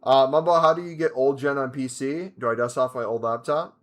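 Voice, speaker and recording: A man's voice: medium pitch, a little fast, soft background music. A man streaming a video game, chatting casually and answering viewers' questions as he plays. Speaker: gaming streamer. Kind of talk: casual live-stream commentary.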